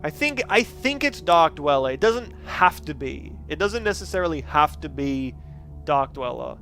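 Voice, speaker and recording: High-voiced streamer. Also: male voice, very animated, moderate pace, sharp tone, soft background music. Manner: chatty, joking, thinking aloud. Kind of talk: casual game commentary.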